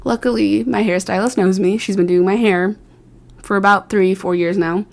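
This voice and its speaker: A woman's voice: medium pitch, fairly even intonation, moderate pace, creaky. A young woman vlogger telling a casual, rambling story about herself, chatty and self-mocking, with lots of fillers and quoted asides. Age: young adult.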